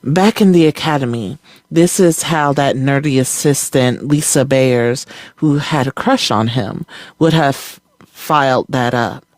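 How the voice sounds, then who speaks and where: A reader narrating a story in a calm, measured way. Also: mid-range voice, no echo.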